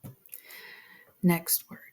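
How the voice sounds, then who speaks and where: With a dark tone, a woman teaches a phonics lesson step by step, patient and slow, frequently dropping to a whisper.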